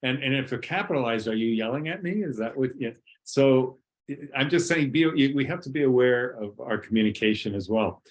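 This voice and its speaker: A man co-hosts a casual podcast, and he speaks thoughtfully with some hesitation. His voice sits at a middle pitch. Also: fairly quick. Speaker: podcast co-host. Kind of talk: casual chat.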